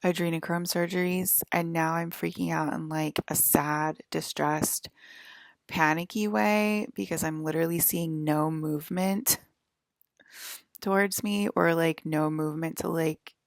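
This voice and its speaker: A woman's voice: low voice, steady tone, unhurried, gravelly, dry recording, clean studio sound. A woman vlogger talking to her viewers in a rambling, agitated monologue, swearing and restarting often. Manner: rambling, agitated and profane, many fillers and restarts.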